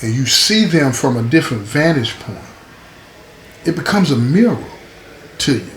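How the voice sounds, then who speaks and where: A man's voice: medium pitch, sing-song, normal speed. A man hosting his own show, telling a story in a casual, conversational way, often checking in with "right?". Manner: conversational, frequent "right?" and "you know what I'm saying". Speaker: host. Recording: echoey room with faint ambient noise.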